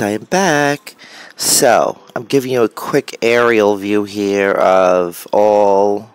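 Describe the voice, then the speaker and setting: Slow-talking woman in her forties, chatty. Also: very deep voice, darkish tone, no room sound. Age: 40s. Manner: chatty and rambling, with many fillers. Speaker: crafter vlogger. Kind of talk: casual chat while showing art materials.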